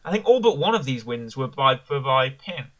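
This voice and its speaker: Very animated and fairly quick, this medium-pitched man co-hosts a casual podcast reviewing wrestling. The recording is muffled, and he rambles with enthusiasm while correcting himself as he goes.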